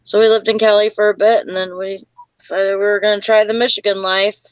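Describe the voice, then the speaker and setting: A woman's voice: mid-range voice, level tone, a little fast, clean tone, no room sound, rough recording. A woman casually telling a personal story on a live chat show, rambling with fillers.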